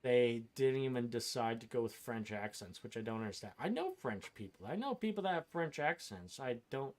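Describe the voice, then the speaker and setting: A man playing through a video game on stream, talking casually over the action. He airs strong, profane opinions in a loose, offhand way, at an ordinary pitch for a man. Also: sing-song, normal speed, hardly any pauses. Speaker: gaming streamer. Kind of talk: casual gameplay commentary.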